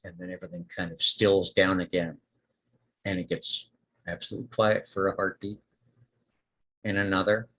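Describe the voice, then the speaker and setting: A man as storyteller, narrating a tabletop role-playing game in a lively, descriptive way. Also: deep voice, normal speed, long pauses.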